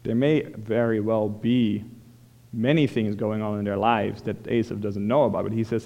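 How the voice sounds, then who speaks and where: A man's voice: fairly low pitch, fairly even intonation, moderate pace, gravelly, mellow, highs cut off. A man preaching a sermon, explaining a scripture passage verse by verse in a plain, conversational way with frequent restarts. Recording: long hall reverb.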